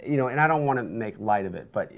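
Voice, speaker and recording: A man talking as a guest in a studio interview, telling animated stories with lots of restarts and bursts of energy. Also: medium pitch, fast talker. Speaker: interview guest, sports broadcaster.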